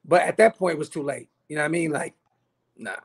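A man's voice: on the high side, quick pace, breathy edge. A man hosting a casual podcast chat, laid-back, using slang and laughing often. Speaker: podcast host.

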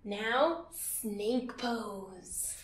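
Slow, gentle woman leading kids' yoga. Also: mid-range voice, roomy sound, far from the mic, slight background noise. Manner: slow, gentle and playful, with sung lines and animal sounds. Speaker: kids yoga teacher. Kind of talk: guiding a children's yoga class.

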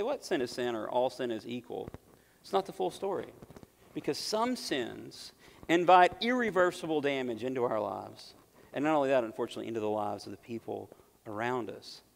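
A man preaching a sermon as pastor, animated, rising in pitch and volume to stress his points. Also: vocal fry. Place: church sanctuary. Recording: long reverb of a church sanctuary.

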